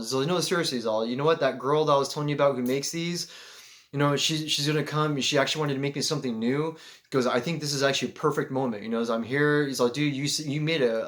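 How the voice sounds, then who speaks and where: A young man from Seattle telling a rambling spiritual story to his vlog, excitable and animated, peppered with "like" and swearing. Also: mid-range voice. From Seattle, USA. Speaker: vlogger.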